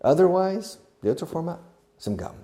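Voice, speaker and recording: A man teaching English to beginners, explaining slowly and repeating key words with short asides. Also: fairly high pitch, big pitch swings, dark tone. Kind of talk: slow classroom explanation to learners.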